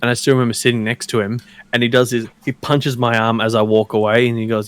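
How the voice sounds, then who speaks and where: A young man shares anecdotes, laughing often as he talks. His pitch is mid-range, and his delivery is loose and chatty. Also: flat delivery, fast talker, hardly any pauses, smooth. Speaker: wrestler guest. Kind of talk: casual chat.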